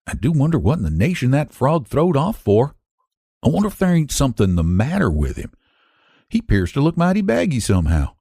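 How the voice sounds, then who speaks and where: A man's voice: mid-range voice, wildly swooping pitch, fairly quick, gravelly, mellow, husky, no room sound, clean studio sound, voice pushed up, exaggerated voice. A man voicing a boastful frontier gambler who talks in a drawling rural dialect. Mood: puzzled.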